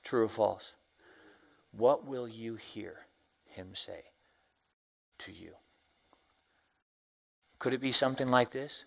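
A man preaching a sermon, a deacon and Sunday school teacher who quotes scripture slowly and swings from hushed lines to loud exclamations. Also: medium pitch, lively intonation. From Tennessee, US. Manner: quotes scripture in slow, drawn-out phrasing.

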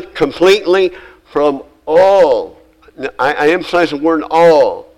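A man's voice: mid-range voice, gravelly, rough recording. A man preaching a sermon, reading scripture aloud and building to emphatic lists.

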